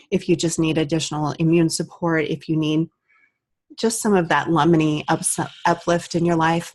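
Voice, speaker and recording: A woman in her thirties, an aromatherapist, earnestly telling a personal story to the camera. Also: low voice. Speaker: aromatherapist and vlogger.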